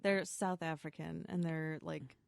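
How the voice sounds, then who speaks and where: A woman's voice: sits low, fairly even intonation, unhurried, creaky, smooth, no echo, clean studio sound. A woman comedian appearing as a podcast guest, chatting and joking casually with frequent laughs. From Twin Cities, USA. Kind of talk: casual chat.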